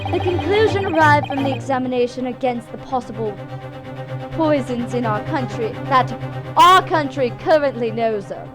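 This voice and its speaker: A woman's voice: high-pitched, lively intonation, normal speed. A formal male police inspector, voiced by a woman. He reports in clipped, official phrasing. Game music plays in the background.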